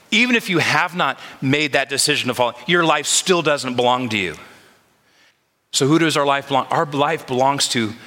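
A man's voice: medium pitch, pushed and bright. A man preaching a sermon as pastor, talking conversationally and putting questions to his congregation. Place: church sanctuary. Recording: long reverb of a large hall.

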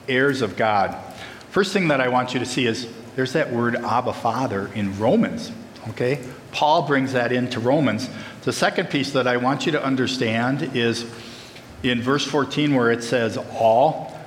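A man's voice: mid-range voice, a bit bright, a little hiss or hum. Male pastor, mid-range voice, earnest and emphatic sermon delivery, reverberant church hall. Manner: earnest, emphatic, addresses the congregation directly. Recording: echoey hall, faint ambience.

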